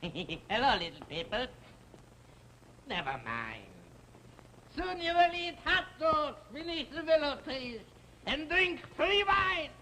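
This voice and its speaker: An actor playing a drunken old anarchist, raving grandly and slurring in a 1960 television drama. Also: male voice, extremely high pitch, sing-song, slow, sharp tone, slight background noise, exaggerated voice, poor audio.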